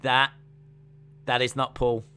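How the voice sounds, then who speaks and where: A man's voice: mid-range voice, completely flat delivery, slow pace, bright, forceful tone, clean tone. A playful British man co-hosting a casual podcast chat, slipping into silly voices. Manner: playful, breaks into silly put-on voices and sung lines. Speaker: podcast co-host.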